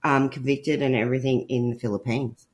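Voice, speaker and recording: A man from Australia, co-hosting a podcast in a hesitant, halting way. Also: medium pitch, fairly even intonation. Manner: hesitant, full of restarts and fillers. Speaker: podcast co-host. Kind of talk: casual chat.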